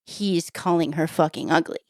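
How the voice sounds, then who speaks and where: A woman co-hosting a comedy podcast, telling jokes with giggly, animated banter. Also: low voice, moderate pace, dry recording, clean studio sound. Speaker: podcast co-host. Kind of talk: casual joke-telling banter.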